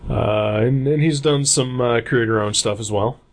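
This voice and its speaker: Gravelly-voiced man rambling with fillers. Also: mid-range voice, moderate pace. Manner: rambling, hesitant with many fillers. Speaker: podcast co-host. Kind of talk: casual comics podcast chat.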